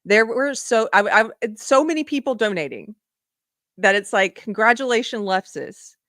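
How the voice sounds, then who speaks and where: A woman's voice: a little high, animated, moderate pace, a bit bright, dry recording, clean studio sound. A middle-aged woman hosting a live political commentary stream, talking casually and sarcastically, often laughing.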